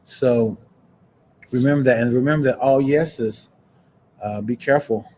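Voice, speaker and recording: A man hosting a podcast, chatting casually and preaching encouragement in a warm, churchy way. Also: mid-range voice, measured pace, a little hiss or hum. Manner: warm, churchy, breaks into laughs and sing-song. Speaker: podcast host. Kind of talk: casual livestream chat, preachy sign-off.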